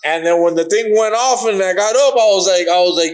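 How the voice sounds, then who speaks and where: A man's voice: sits high, fast, few pauses, low-quality recording. Rambling young man telling a story. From Miami. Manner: rambling, repeats himself, slangy. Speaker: guest fighter. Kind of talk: casual storytelling.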